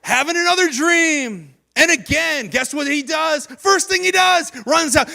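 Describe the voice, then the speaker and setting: A male pastor preaching a sermon in a church, animated and acting out the voices of people in the story. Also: extremely high pitch, a little slow, vocal fry, few pauses. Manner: animated, acts out quoted voices of biblical figures. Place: church stage.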